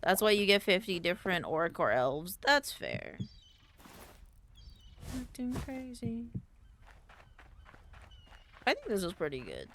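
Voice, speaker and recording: Young female streamer, lively swooping voice, playful rambling gaming chat, faint background noise. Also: lowish voice, brisk, few pauses. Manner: rambling, thinking aloud, playful.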